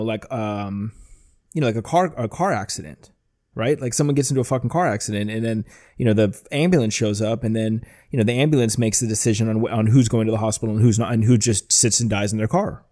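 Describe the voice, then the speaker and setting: A man's voice: mid-range voice, fast, warm tone. A man hosting a casual, profane chat, rambling with many restarts and frequent swearing.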